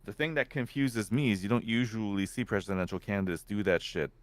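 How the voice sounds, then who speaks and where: A man's voice: on the low side, brisk, dry recording. A man from Canada chatting casually on a stream, talking in a blunt, dry way with stumbling restarts. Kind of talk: casual political banter.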